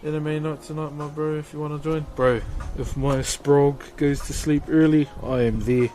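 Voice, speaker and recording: New Zealand man, streamer, laid-back chatty, voice sits a touch high. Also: flat delivery, normal speed, mellow, a little hiss or hum. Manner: easygoing, greets viewers as brother, laughs often. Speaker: livestreaming woodcarver. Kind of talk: casual livestream chat while working.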